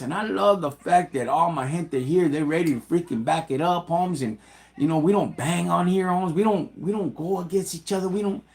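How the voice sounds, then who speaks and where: A man's voice: fairly high pitch, creaky. Chicano guy on a livestream, middle-aged, street slang, homie this dog that, spanish words mixed in. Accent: Chicano English. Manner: mixes Spanish words and phrases into English. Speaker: livestream host. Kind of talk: casual livestream shout-outs and talk.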